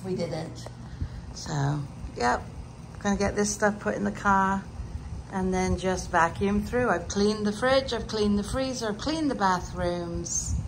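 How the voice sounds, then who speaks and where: In a gravelly, mid-range voice, a woman from Britain talks at a measured pace in her casual vlog as she clears out her house. She's tired, chatty and a bit emotional, with a British English accent, and the home recording is noisy.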